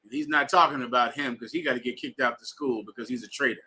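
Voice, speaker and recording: A man's voice: mid-range voice, quick pace, sharp tone, slight background noise. A man teaching a bible class to students in a room, emphatic and slangy, telling readers to keep going. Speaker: scripture class instructor.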